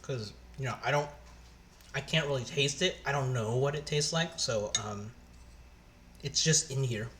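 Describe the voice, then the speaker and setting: Bright-voiced man on a cooking stream. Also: medium pitch, a little hiss or hum. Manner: halting, thinking aloud while tasting food. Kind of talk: casual live-stream chat.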